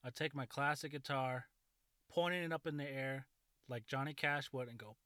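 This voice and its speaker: A man's voice: mid-range voice, fairly even intonation, normal speed, bright, forceful tone, smooth, no room sound. A man in his thirties telling a rambling school story in a casual, profane way, often laughing at his own jokes.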